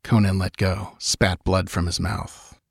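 A man narrating an adventure audiobook in a measured, dramatic way. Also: low voice, flat delivery, creaky, slightly rough, dry recording, clean studio sound. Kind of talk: scripted narration.

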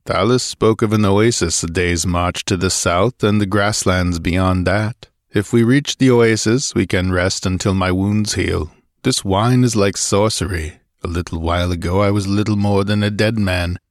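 Man doing a gruff low barbarian warrior. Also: normal speed, no room sound, clean studio sound. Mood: commanding. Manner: gruff, commanding. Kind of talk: audiobook character voice.

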